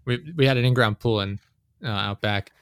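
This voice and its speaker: A man's voice: fairly low pitch, moderate pace, a bit bright, smooth. A young man chatting casually as a podcast host, telling long rambling stories, swearing a lot and laughing often. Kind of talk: casual chat.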